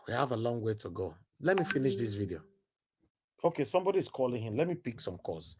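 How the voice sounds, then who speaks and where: A man's voice: mid-range voice, sing-song, fairly quick, noisy background. Impassioned Nigerian man hosting a call-in. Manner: emphatic, rhetorical questions, swings between loud and quiet. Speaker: live stream host taking calls. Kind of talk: impassioned political commentary and call-in.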